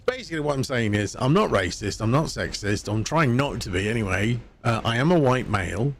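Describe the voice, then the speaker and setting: A man's voice: mid-range voice, lively intonation, a little fast, a little hiss or hum. Rambling, chatty male game streamer. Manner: rambling, chatty, laughs at himself. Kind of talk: casual live-stream chat while gaming.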